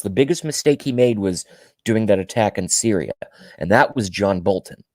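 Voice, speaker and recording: A man with a low-pitched voice rants his way through a political monologue, emphatic and indignant, hammering his points by repeating them. The sound is dry and close, with no room around it. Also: expressive, moderate pace, darkish tone, no room sound. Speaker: political commentary vlogger. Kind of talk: ranting monologue.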